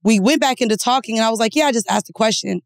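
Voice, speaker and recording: A woman co-hosting a podcast, telling stories in a blunt, profane, animated way. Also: a little high, racing, vocal fry, no room sound, studio quality. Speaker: podcast co-host. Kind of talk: candid casual chat.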